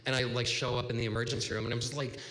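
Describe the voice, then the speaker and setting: A man's voice: medium pitch, little pitch movement, racing, a crowd in the background. A man in his thirties telling a personal story at a live story slam, casual and rambling with lots of "like.". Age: 30s. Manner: casual, rambling, heavy use of "like". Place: bar venue with live audience. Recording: reverberant live room with faint noise.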